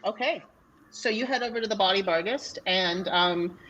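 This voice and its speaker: A woman's voice: mid-range voice, normal speed, a bit bright, dull audio, slight background noise. A woman narrating as the dungeon master of a tabletop game, talking casually with plenty of fillers and restarts. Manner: chatty, hesitant, many fillers and restarts. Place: live convention panel or online session.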